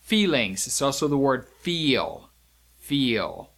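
A man's voice: mid-range voice, lively intonation, slow, a bit bright. A man teaching sign language vocabulary, explaining each sign step by step in a patient, demonstrating way. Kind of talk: instructional lesson.

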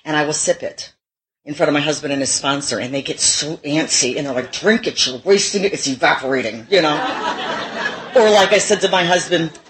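A woman's voice: deep voice, normal speed, slight background noise, rough recording. A middle-aged woman giving a personal testimony at a recovery meeting, candid and self-mocking, with frequent laughs.

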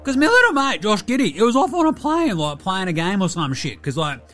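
Brief: a man playing a young bogan Aussie hoops player, broad accent, sweary rambling, pitched up high. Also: huge pitch swings, a little fast, a bit bright, soft background music, exaggerated voice. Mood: cheeky rambling. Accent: broad Australian. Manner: rambling, swearing, slangy, cheeky. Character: crude laid-back young male Aussie basketballer.

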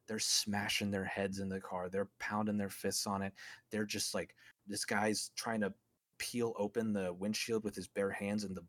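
A man with a fairly low voice talks through a film on a podcast, enthusiastic and rambling, often restarting his sentences. The recording is dry and close, with no room sound. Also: no room sound. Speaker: podcast co-host. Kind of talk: casual film podcast monologue.

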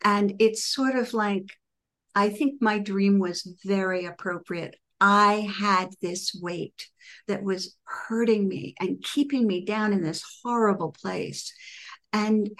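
A middle-aged woman, a composer, telling personal stories in an interview and acting out her own past words with lively emphasis. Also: mid-range voice, takes it slowly. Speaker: composer and author, guest. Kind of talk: conversational interview storytelling.

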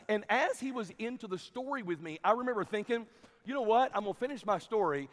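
A high-pitched man preaching to a crowd, telling his story with animated, acted-out exchanges. His voice rings out with a long reverb from a large hall. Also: fast talker. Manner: animated storytelling, acting out dialogue. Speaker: camp preacher. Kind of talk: sermon.

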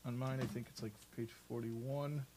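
A man in casual chat, explaining a prayer service and telling an anecdote with lively voices. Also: mid-range voice, normal speed, slight background noise. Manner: storytelling, animated put-on voices for anecdotes. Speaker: co-host.

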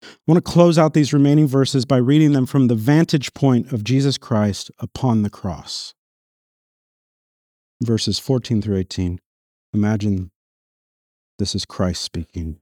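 A man preaching a sermon as pastor, reading scripture aloud in an earnest voice that swells on emphatic lines and drops low and quiet on solemn ones. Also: unhurried, pauses often, no room sound, studio quality. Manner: reads scripture passages aloud within the sermon.

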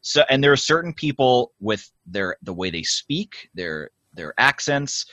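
Man with a bright, dry voice. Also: mid-range voice, big pitch swings, unhurried, no echo. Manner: rambling with many restarts and quoted asides. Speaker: podcast host. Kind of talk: casual behind-the-scenes chat.

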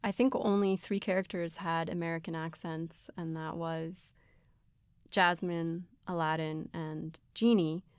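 A woman taking part as a guest in a casual discussion, making her points in a measured, analytical way. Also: lowish voice, flat delivery, smooth, no room sound.

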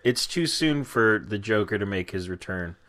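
A man's voice: on the low side, expressive, normal speed, fairly bright tone. A young man co-hosting a casual podcast, making dry jokes. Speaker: podcast co-host. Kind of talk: casual chat.

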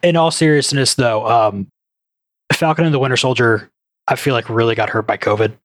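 A man's voice: mid-range voice, moderate pace, no echo. A man co-hosting a podcast in casual chat, joking dryly and then giving his opinions. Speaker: podcast co-host.

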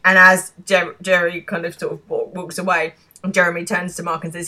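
A woman's voice: fairly low pitch, little pitch movement, moderate pace, bright, forceful tone. A woman co-hosting a podcast, chatting casually about a TV episode and acting out lines from its scenes. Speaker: podcast co-host. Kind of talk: casual chat recapping a TV episode.

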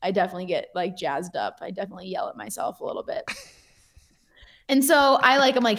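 A young woman, a pro skier, telling a story in a casual, animated way with lots of fillers and laughter. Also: a little high, fairly quick.

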